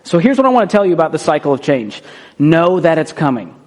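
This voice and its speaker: A man's voice: fairly high pitch, very animated, fast talker, a little mellow. A man giving a motivational talk in a punchy, conversational way, often tossing in a rhetorical "right?". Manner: acts out quoted voices for effect. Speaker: motivational speaker.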